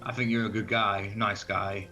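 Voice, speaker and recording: A man's voice: fairly low pitch, level tone, moderate pace, pushed and bright, faint music behind, voice pushed down. A man playing a coaxing, charming bard. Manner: coaxing, calls people mate.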